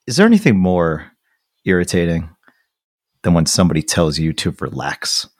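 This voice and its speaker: Podcast host, man, very low voice that swings a lot, sarcastic, dry close sound. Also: moderate pace, dry recording. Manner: animated, swearing, sarcastic storyteller. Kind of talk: casual podcast chat.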